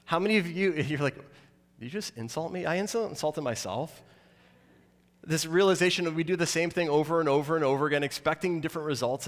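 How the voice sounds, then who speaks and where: A fairly high-voiced man preaching a sermon to his congregation. He talks in an animated, conversational way and slips into mock-dramatic asides. His voice carries a long reverb from a large hall. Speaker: pastor.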